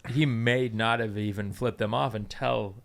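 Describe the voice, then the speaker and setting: Male comic guest, gravelly voice, crude joking delivery. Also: fairly low pitch, fairly even intonation, moderate pace, a bit bright. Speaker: comedian guest. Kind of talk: casual chat.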